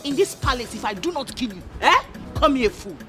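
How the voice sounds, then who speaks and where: A commanding, threatening princess with a Nigerian accent. Her voice is high and lively in a film drama. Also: brisk, music in the background. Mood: angry.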